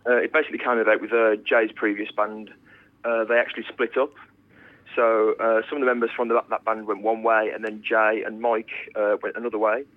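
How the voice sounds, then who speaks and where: Male musician guest, low voice, easygoing, phoned in. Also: fairly quick. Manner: relaxed, lots of ums and uhs. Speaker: band's bassist, guest. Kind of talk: interview answers. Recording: tinny phone line.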